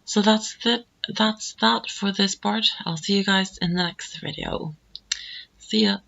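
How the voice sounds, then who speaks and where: A woman chatting casually over her gameplay, rambling with plenty of fillers. Her voice is bright with a strong vocal fry. Faint game music plays behind her. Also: mid-range voice, unhurried, muffled recording. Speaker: gameplay commentator. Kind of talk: casual let's-play commentary. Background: game audio.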